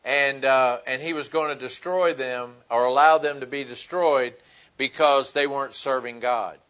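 A man preaching a sermon in a conversational way, pausing on fillers and retelling scripture as dialogue. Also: mid-range voice, steady tone, fairly bright tone. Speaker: pastor.

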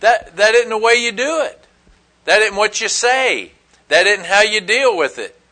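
A man's voice: high-pitched, animated, a little slow, pushed and bright. A man preaching a sermon in a folksy, emphatic way, full of rhetorical questions. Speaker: pastor.

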